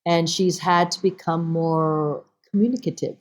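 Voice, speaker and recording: A woman's voice: lowish voice, moderate pace. A woman actress talking as a podcast guest in a casual interview, telling stories with animation and acting out bits of dialogue. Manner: animated storyteller, acts out dialogue.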